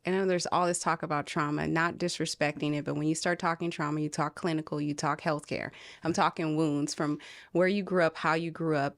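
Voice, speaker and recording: Earnest woman from California, low voice. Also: no room sound, studio quality. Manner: earnest, animated storytelling, quotes others in voices. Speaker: podcast guest, film producer. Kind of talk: casual conversation.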